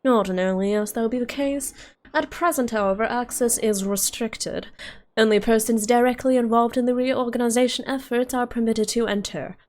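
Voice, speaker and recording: A man's voice: very high-pitched, moderate pace. A woman voicing a fussy male archive custodian in a pinched, nasal voice. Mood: prim. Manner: prim, bureaucratic.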